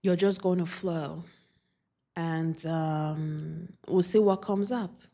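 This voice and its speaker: Woman reading oracle cards, slow earnest affirmations, lowish voice. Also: steady tone, gravelly, warm tone. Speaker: spiritual card reader. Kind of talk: oracle card reading to camera.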